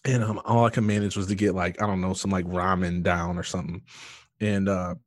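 A man with a fairly low voice tells his story earnestly, full of fillers and false starts. The sound is dry and close, with no room around it. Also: little pitch movement, fairly quick, no room sound. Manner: earnest, emotional storytelling with many fillers and restarts. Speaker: guest sharing his testimony. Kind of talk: personal testimony in conversation.

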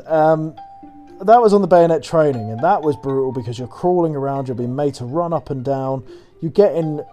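A man's voice: medium pitch, mellow. A young man casually telling a rambling, sweary story and laughing at his own tales. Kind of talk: casual anecdote.

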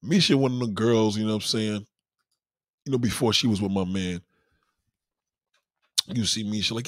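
A man's voice: on the low side, normal speed, pauses often, no echo, studio quality. A man chatting casually as a host, telling profane stories and acting out quoted people. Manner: animated, profane storytelling with mock-quoted voices. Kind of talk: casual chat.

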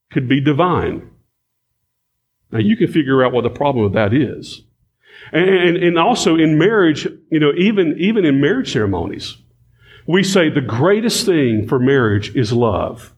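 Emphatic preacher man, slightly high voice. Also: husky. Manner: emphatic, repeats key phrases, addresses congregation as folks. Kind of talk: sermon.

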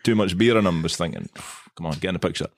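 A Scottish man with a very low, creaky voice races through a rambling, self-deprecating story for his podcast co-host in a loose, chatty style. The recording is dry and close, with no echo.

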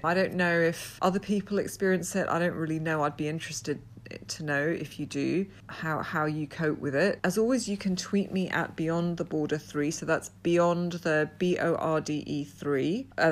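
A woman hosting a solo podcast, talking earnestly and often repeating words as she restarts. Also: sits low. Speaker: podcast host.

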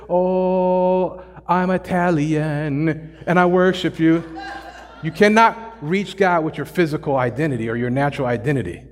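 Male pastor, high voice, casual and jokey delivery, long church reverb. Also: breathy edge. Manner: conversational, joking, slangy preaching. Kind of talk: sermon. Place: church sanctuary.

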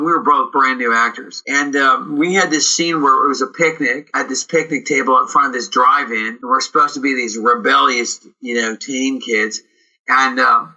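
A man, an actor, telling rambling, animated stories in an interview, with many fillers and restarts. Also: medium pitch, lo-fi sound. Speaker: actor, guest. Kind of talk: casual storytelling interview.

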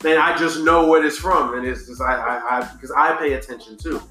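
A man co-hosting a podcast in casual chat, telling relaxed, slangy stories that often trail off and restart. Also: mid-range voice, brisk, echoey room, faint music behind. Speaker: podcast co-host.

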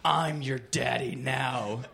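A man putting on the low, taunting voice of a vengeful woman in a comedic story reading. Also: slow pace, vocal fry, pushed and bright, full character voice. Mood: menacing. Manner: low, cold, taunting delivery. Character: vengeful menacing woman, calm and cold. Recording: noisy live club recording.

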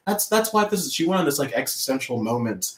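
A man's voice: mid-range voice, sing-song, quick pace. Enthusiastic Australian man in an echoey room. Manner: enthusiastic, chatty. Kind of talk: casual film discussion.

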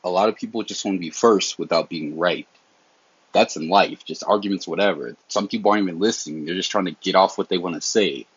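A young Southern man talks straight into the mic on his own podcast, candid and slangy, his voice low and husky. The recording is dry and a little dull, like lo-fi home gear. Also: fast talker, dry recording. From American South. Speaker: podcast host. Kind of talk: casual solo podcast talk.

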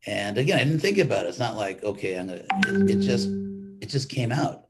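A man's voice: fairly low pitch, big pitch swings, fairly quick, loud music behind the voice. An older man, a monk, giving an informal weekly class in a rambling, conversational way with frequent restarts.

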